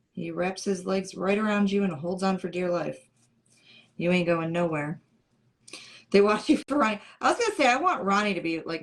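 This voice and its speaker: Middle-aged woman, craft livestream host, slightly low voice, easy playful chatter with the viewers. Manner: chatty and playful, answers comments. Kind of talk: casual chat with live viewers.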